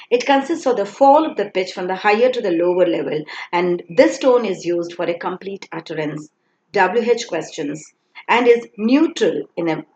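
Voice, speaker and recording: A woman teacher explains a lesson in clear, measured steps. Her pitch rises and falls a lot. The recording has an echoey room and a faint hiss. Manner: explanatory, reads dialogues aloud. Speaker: English teacher.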